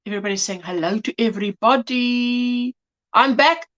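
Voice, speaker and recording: A slightly high, somewhat bright female voice speaks at normal speed, with the highs cut off by her phone microphone. She's a South African crochet livestreamer, chatting casually, greeting viewers and reading their comments aloud.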